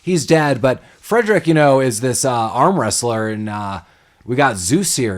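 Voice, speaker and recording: A man co-hosting a podcast, casually recapping a film with lots of laughter and animated retelling. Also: mid-range voice, unhurried. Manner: laughs often, animated retelling with acted quotes. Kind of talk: casual chat.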